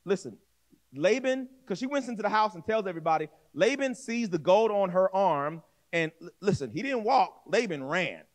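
A male pastor preaching with a high, lively voice that swoops up and down. He talks straight to the congregation in a casual, conversational way. He acts out the people in his story and often repeats himself or restarts a phrase. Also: moderate pace. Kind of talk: sermon.

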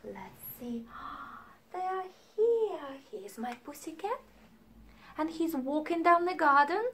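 A woman leading a sing-along music lesson for young children, animated and playful, singing and dropping into hushed whispers. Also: sits high, takes it slowly, a little hiss or hum. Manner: animated, swings between sung lines and hushed whispers.

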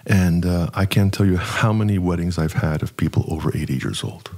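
An older man, an archpriest, telling stories in an interview, animated and acting out the dialogue. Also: low voice, a little fast. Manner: animated, acts out dialogue, repeats words for emphasis. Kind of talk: anecdotal storytelling in an interview.

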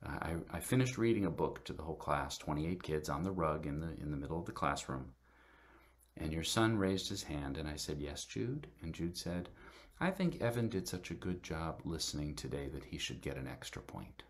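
A middle-aged man speaks to a church congregation in an extremely low, rumbling voice. He tells a family story in a halting way, full of fillers and restarts. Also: lively intonation. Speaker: guest speaker at church service. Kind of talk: personal storytelling talk.

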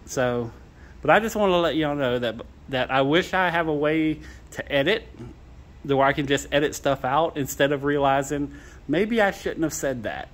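A man vlogging outdoors by a trailer, laughing to tears and apologizing as he rambles about used gear he plans to sell. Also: fairly high pitch. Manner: giggly, apologetic, keeps laughing. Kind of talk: casual rambling vlog.

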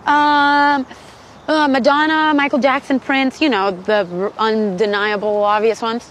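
A woman's voice: fairly high pitch, flat delivery, measured pace, a bit bright, slight background noise, rough recording. Bubbly young woman chatting in an interview. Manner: chatty and bubbly, laughs often, says "like" a lot. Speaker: singer and actress being interviewed. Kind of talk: quick-fire celebrity interview. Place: outdoors in the countryside.

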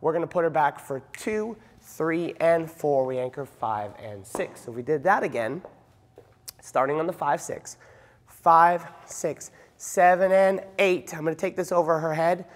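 Dance instructor counting beats in a reverberant hall. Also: male voice, on the high side, expressive, moderate pace. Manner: counts beats aloud rhythmically while explaining.

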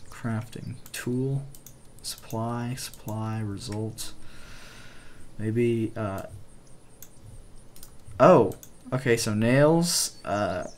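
A young man giving casual gameplay commentary, excitable, swearing mildly and sometimes dropping to a whisper. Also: medium pitch, noisy background.

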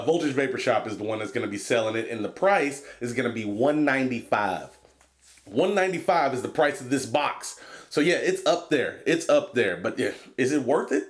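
A man reviewing a vape box in a rambling, swearing, laid-back vlog. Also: medium pitch. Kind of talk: casual product review vlog.

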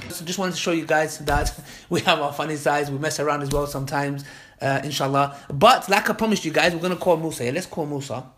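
A man hosting his own vlog in an easy, chatty way. He talks to camera in a slightly high voice, repeating phrases as he goes. He keeps checking in with his viewers, ending lines with "yeah?". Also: fairly quick, fairly bright tone, a little hiss or hum. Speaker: YouTube host. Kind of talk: casual vlog talk to camera.

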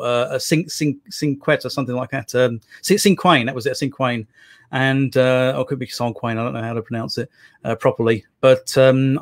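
Fast-talking man, rambling poet. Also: mid-range voice. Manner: rambling, many restarts and fillers. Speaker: poet guest. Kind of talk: casual interview talk.

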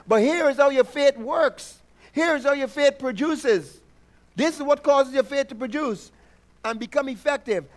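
A man with a strikingly high voice preaches a sermon. He keeps prompting the congregation for responses and repeats affirmations, drawing out key words slowly to stress them. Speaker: pastor.

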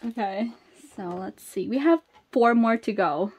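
A woman chatting casually as she unboxes, excitable and gasping at each reveal, then dropping to soft murmurs in between. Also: mid-range voice, a little slow, breathy edge. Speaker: unboxing vlogger.

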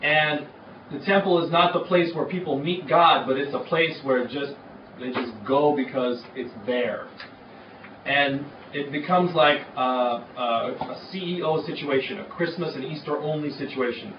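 Pastor preaching in an echoey hall. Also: male voice, a little high, a little slow, background noise. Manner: conversational, frequent "uh" fillers. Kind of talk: sermon. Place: church hall. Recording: echoey hall, far from the mic, dull.

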